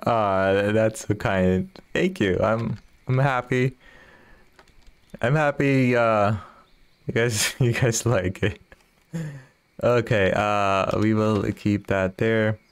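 A man's voice: fairly low pitch, smooth, no echo. Chatty man streaming a fishing game. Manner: chatty, laughs often, reads viewer messages aloud. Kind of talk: casual live-stream chat.

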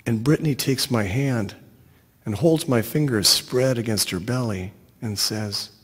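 A man reads a short story aloud at an unhurried pace, his delivery wry and deadpan. His voice sits at an ordinary middle pitch. A long reverb hangs on the recording. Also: husky. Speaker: narrator.

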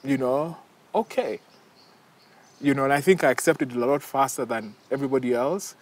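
A man in his forties from Kenya, a guest in an interview, speaking softly and haltingly with many restarts as he recounts a hard time. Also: medium pitch. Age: 40s. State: tearful. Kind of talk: emotional personal interview.

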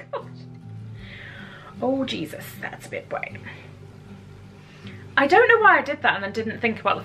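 A woman's voice: on the high side, bright, forceful tone, slight background noise. A woman chatting casually to camera about beauty favourites at home, giggling often and poking fun at herself. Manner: chatty, giggly, self-deprecating. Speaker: beauty vlogger. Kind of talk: casual product chat to camera. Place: at home, seated indoors.

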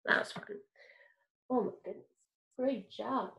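A woman's voice: a little high, unhurried, gravelly, pauses often, a bit bright. A woman teaching a kindergarten music lesson online, talking to small children in a cheerful, encouraging way and keeping her words simple.

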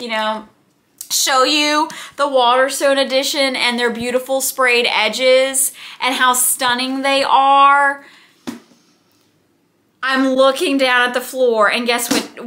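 Bright-voiced gushing woman book vlogger. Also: high voice, a little slow. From United States. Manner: gushing, chatty, rambling asides. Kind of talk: casual chat.

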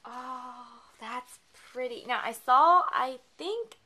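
A woman vlogger chats through an unboxing at home, her tone bright and slightly high. She is gushing and excitable, gasping and exclaiming over each item. Faint noise sits under her voice. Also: takes it slowly. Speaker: craft vlogger opening a gift package. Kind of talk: casual unboxing chat.

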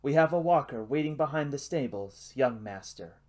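A man's voice: mid-range voice, lively intonation, moderate pace, a little mellow, lightly acted. A man voicing an old, kindly male master mechanic in an audiobook, speaking in an earnest mumble. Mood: mumbling. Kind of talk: audiobook character reading.

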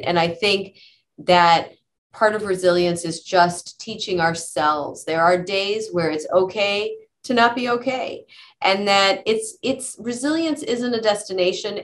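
A woman's voice: medium pitch, a little hiss or hum. A middle-aged woman, a psychologist guest on an interview podcast, talking earnestly and telling stories with many fillers and restarts. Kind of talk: conversational interview answers.

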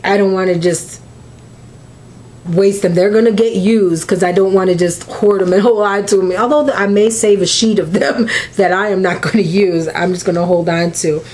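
A woman's voice: medium pitch, steady tone, normal speed, darkish tone. Gushing woman opening mail. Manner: gushing, emotional, near tears. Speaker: crafting vlogger. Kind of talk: casual mail opening vlog.

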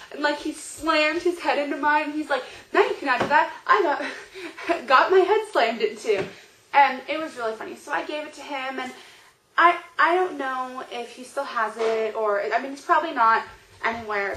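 Gushing young woman vlogger, high voice. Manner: gushing, excitable, heavy use of "like". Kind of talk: casual storytelling vlog. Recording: roomy echo.

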